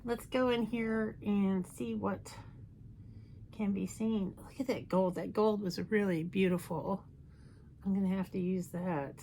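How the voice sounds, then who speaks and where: Slow-talking, playful woman makeup vlogger. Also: medium pitch, fairly even intonation, mellow, a little hiss or hum. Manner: chatty, playful and self-mocking. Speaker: makeup YouTuber. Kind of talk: casual makeup tutorial chat.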